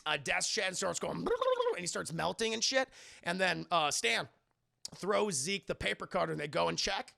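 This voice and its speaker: A man's voice: high-pitched, normal speed, creaky, sharp tone. A man streaming live, recapping a film in a rambling, profane way and talking straight to his chat.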